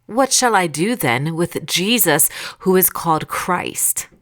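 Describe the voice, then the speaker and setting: A woman's voice: fairly low pitch, animated, slow, a bit bright. A woman voicing a stern but uneasy male Roman governor who pleads and reasons with a crowd. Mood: questioning.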